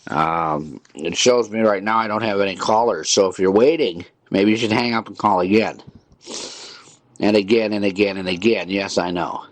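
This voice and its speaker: A low-voiced male radio host talking into a studio mic, annoyed and repetitive as he scolds callers. The sound is dry and close, with no room around it. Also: moderate pace, dry recording. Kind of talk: call-in radio talk. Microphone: studio mic with headphones.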